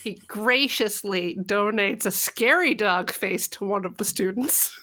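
A woman's voice: mid-range voice, a little slow, sharp tone. A woman co-hosting a casual movie podcast, recapping plot points in a dry, matter-of-fact way. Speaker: podcast co-host.

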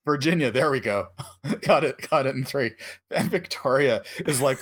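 A man co-hosting a casual film recap, laughing often and slipping into quick character voices. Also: medium pitch, fairly bright tone. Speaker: podcast co-host. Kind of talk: casual movie recap chat.

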